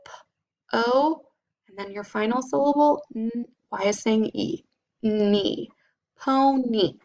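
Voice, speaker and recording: A woman teacher giving a slow, patient phonics lesson, sounding words out for young children. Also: a little high, gravelly, a little mellow, highs cut off.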